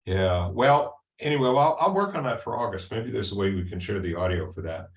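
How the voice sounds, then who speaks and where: A man presenting at a user group meeting, walking through a software demo in a casual, halting way with ums and restarts. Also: lowish voice, lively intonation. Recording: echoey room sound.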